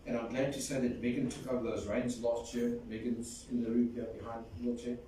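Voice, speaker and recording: His mid-range voice is warm and level in tone, moving a little fast as he tells fond stories in a funeral eulogy and sings a folk song. The audio, from a large echoey hall, is distant with faint noise.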